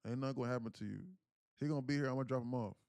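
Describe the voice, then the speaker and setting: A man's voice: mid-range voice, very fast, vocal fry, a little mellow, no echo, clean studio sound, lightly acted. A man voicing his father as a young man in a story, bluntly brushing off his mother. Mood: dismissive. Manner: dismissive, blunt.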